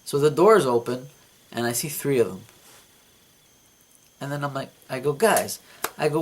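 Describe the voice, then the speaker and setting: A man vlogging, telling a story from his dream in a casual, animated way, repeating words and laughing at himself. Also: medium pitch, normal speed, pauses often.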